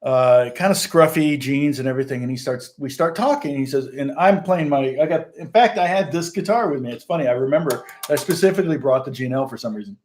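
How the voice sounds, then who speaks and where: A man's voice: medium pitch, fast talker, few pauses, a little mellow. A middle-aged man, a musician and channel host, telling a long story in casual, rambling fashion, interrupting himself and laughing often.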